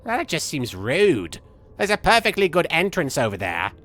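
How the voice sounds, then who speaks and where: A man's voice: on the high side, huge pitch swings, moderate pace, a bit bright. A man playing a manic, childish villain who rambles and jumps between jokes while streaming a game, sniffling from a cold. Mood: giddy rambling. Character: manic goofy male villain, childish and gleeful. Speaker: livestream gamer. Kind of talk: live game-stream commentary in character.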